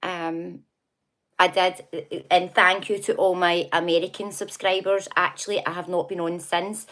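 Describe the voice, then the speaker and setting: This middle-aged Scottish woman from near Glasgow has a lowish, fairly bright voice with little pitch movement and a measured pace. Hosting a casual livestream, she chats and gossips about the news, laughs often, and reacts to viewer comments.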